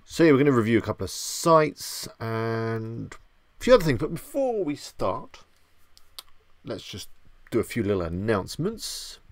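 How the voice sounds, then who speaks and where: A man's voice: medium pitch, very animated, a little slow, dry recording. A man hosting a casual live stream, chatty and self-deprecating, greeting viewers by name.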